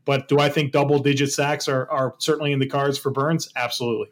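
A man co-hosting a football podcast, chatting casually and giving confident, animated analysis. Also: mid-range voice, quick pace. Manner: confident, animated football analysis, calls his co-host "brother". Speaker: podcast co-host. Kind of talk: casual sports podcast chat.

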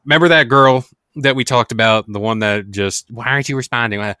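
A man's voice: medium pitch, fairly quick, pushed and bright, clear, resonant tone, dry recording, clean studio sound. A young man co-hosting a casual podcast, joking and rambling as he talks. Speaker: podcast co-host. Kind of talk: casual podcast chat and read ad.

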